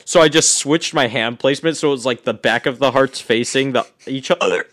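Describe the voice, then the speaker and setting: A man's voice: medium pitch, fairly quick, fairly bright tone. A man co-hosting a tech podcast in casual chat, hiccuping and joking at his own expense. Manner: self-mocking, dramatic sighs. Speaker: podcast co-host.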